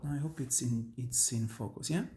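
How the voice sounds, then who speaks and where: The man's mid-range voice has a dark tone and a normal speed. A native Italian speaker from Italy with an Italian accent, he's an opera tenor and voice teacher who earnestly, emphatically walks students through an opera aria, restarting sentences often, in a teaching talk about singing.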